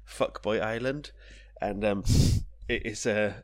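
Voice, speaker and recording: Tired, jokey podcast co-host. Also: male voice, lowish voice, slow. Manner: swearing, jokey, laughs often. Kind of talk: casual banter.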